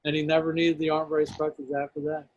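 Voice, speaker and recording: A man's voice: a little high, completely flat delivery, fairly quick, highs cut off. Earnest man telling a story. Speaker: guest. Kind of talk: storytelling in a talk show.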